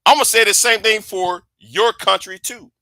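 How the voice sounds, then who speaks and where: Male commentator, halting delivery, very bright tense tone. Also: high voice, fairly even intonation, dry recording. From United States. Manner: halting, many repeats and restarts. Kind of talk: casual political commentary.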